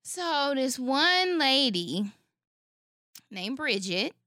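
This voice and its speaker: A podcast co-host with a high voice and drawn-out words chats casually and tells stories, acting out the people in her anecdotes with animation. The sound is clean studio audio with no echo.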